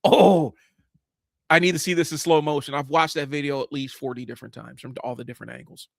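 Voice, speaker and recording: A man in his forties hosts a livestream, riffing on comics in a blunt, casual way and swearing now and then. His mid-range voice is gravelly and fairly bright, with a level tone and quick pace. He rambles with lots of fillers and restarts, and the recording is dry.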